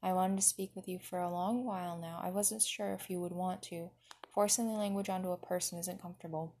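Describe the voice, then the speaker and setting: A woman voicing a gruff, blunt young dragon king who scowls and swears. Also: lowish voice, steady tone, brisk, warm tone.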